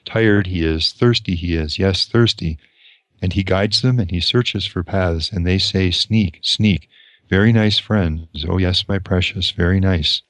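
A man's voice: deep voice, measured pace, no room sound. A man reading aloud as a wretched, wheedling old creature with a hissing voice. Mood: whining.

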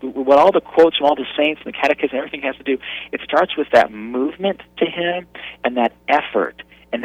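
A man in his thirties sharing an earnest personal testimony on prayer, going soft and low at tender moments. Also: husky, no room sound, muffled recording.

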